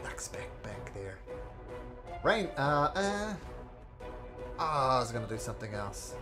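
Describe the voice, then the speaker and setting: A man running a tabletop game with a lively, swinging pitch that rises and falls as he narrates. He calls out dice rolls and describes the fighting. Music plays clearly behind him. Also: a little slow. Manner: lively, voices monsters and reads out rolls. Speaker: game master. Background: background music.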